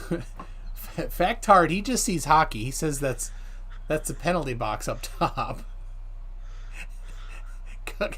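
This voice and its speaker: A man's voice: fairly high pitch, expressive, slow, long pauses, fairly bright tone, husky. A man hosting a live stream, chatting casually, laughing and reading viewer comments aloud. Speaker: livestream host.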